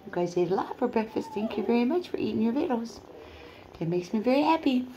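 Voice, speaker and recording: A middle-aged woman filming at home on her phone, cooing soft giggly baby talk to her foster pets. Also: on the high side, very animated, moderate pace, long pauses, slight background noise, low-quality recording. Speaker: pet foster carer. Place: at home indoors. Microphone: phone camera.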